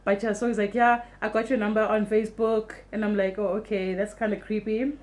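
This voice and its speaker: Young woman vlogger, rapid animated storytelling, salty language, casual. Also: medium pitch. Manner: fast, animated storytelling, swears freely.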